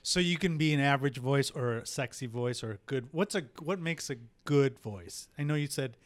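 A man's voice: medium pitch, animated, moderate pace. A male podcast host keeps asking his guest questions. His casual talk is teasing and playful.

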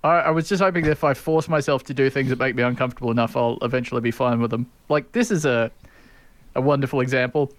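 A man's voice: mid-range voice, steady tone, quick pace, dry recording. An Australian man co-hosting a casual chat, dry and self-deprecating about his own anxieties. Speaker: podcast co-host.

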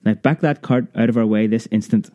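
A man voicing a determined mother who gives firm, brisk orders in a storybook reading. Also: fairly low pitch, mellow, lo-fi sound, lightly acted. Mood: commanding. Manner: firm, commanding.

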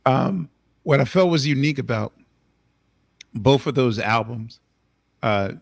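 Man, interview host, halting enthusiastic speech, dry room. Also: mid-range voice, expressive, vocal fry, dry recording. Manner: halting, many restarts, enthusiastic. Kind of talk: casual interview talk.

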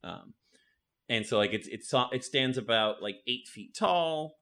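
Halting male game master, lively pitch. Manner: casual, halting, many restarts. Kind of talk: narrating a tabletop game.

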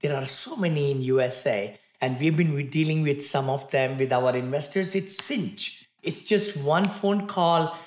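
A man's voice: on the high side, a little slow, few pauses, reverberant. Upbeat Indian-accented man in his sixties. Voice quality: cheerful, laughs often, upbeat and eager. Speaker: guest. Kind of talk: casual chat.

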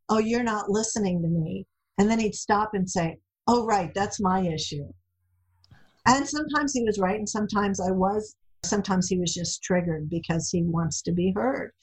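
A middle-aged woman, a guest in an interview, telling lively stories and acting out quoted lines. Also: mid-range voice, husky, low-quality recording. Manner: animated storyteller, acts out quotes. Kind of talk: casual interview chat.

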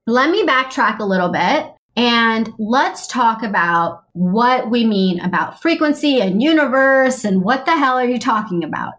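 A woman hosting a casual solo talk, chatty and animated, acting out little quoted reactions as she explains. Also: on the high side. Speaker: podcast host.

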